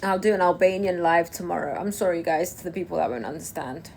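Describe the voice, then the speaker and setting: A young woman from Kosovo talks on a casual livestream, reading and answering her viewers' comments in a chatty way. Her voice sits fairly low for a woman. There is a faint noise behind her. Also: fast talker, gravelly, a little mellow. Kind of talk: casual live-stream chat.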